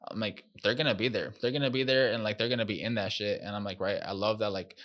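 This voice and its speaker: A man with a low voice hosts a podcast in relaxed casual chat. He rambles eagerly and fills his talk with constant fillers. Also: quick pace. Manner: rambling, heavy "like, right" fillers, enthusiastic. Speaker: podcast host.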